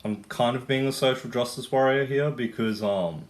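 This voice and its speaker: A man's voice: mid-range voice, normal speed. A young Australian man ranting casually to camera, rambling and swearing with lots of fillers. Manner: rambling, profane, full of fillers. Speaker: vlogger.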